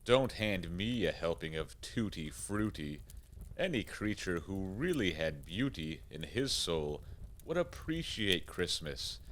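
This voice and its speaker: A man voicing a calm, wise Santa Claus in a rhyming radio play, gently lecturing. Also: low-pitched, slow pace, a little hiss or hum, exaggerated voice.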